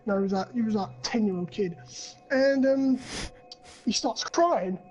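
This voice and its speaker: A man's voice: very high-pitched, moderate pace, a little mellow, husky, lo-fi sound, faint music behind. A young man on a podcast, rambling through a crude story and swearing a lot. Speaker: podcast co-host. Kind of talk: casual chat.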